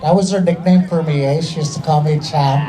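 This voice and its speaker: A man's voice: on the high side, fairly even intonation, a little fast, a loud crowd, very noisy. A man doing stand-up comedy, telling a story and ending lines with a tag question. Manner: ends lines with a tag question, loose joking delivery.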